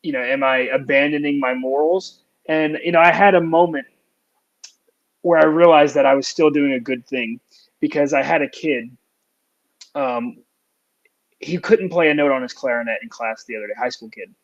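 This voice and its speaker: A man's voice: medium pitch, normal speed, pauses often, dull audio. A young adult man, a music teacher, talking earnestly and reflectively in a casual podcast chat, with plenty of fillers.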